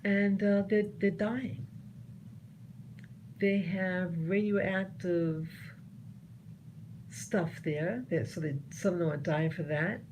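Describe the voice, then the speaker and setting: A woman from the United States giving her personal commentary, earnest and halting, often restarting her sentences. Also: fairly low pitch, fairly even intonation, darkish tone, slight background noise, rough recording. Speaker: vlogger sharing opinions.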